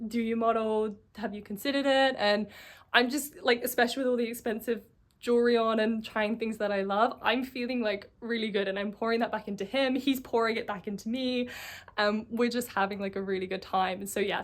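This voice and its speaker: A woman vlogger telling a personal story in a chatty, casual way, full of fillers. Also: mid-range voice. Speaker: coaching vlogger.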